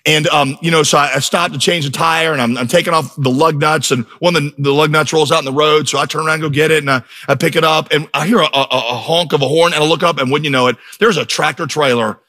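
A man's voice: fairly high pitch, steady tone, fast, hardly any pauses, sharp tone. Emphatic middle-aged male preacher. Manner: emphatic, storytelling preacher with rising intensity. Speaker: pastor. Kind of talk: sermon. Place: church.

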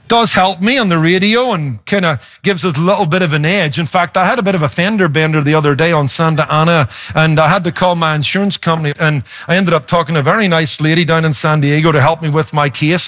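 A man's voice: on the high side, a bit bright, dry recording, clean studio sound. A man, a pastor, preaching a sermon with emphasis, shifting pace and playful asides.

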